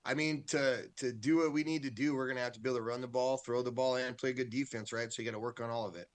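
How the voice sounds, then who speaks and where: A man, a high school football coach, talking candidly and loosely in a casual interview, often checking in with "right?". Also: steady tone, quick pace.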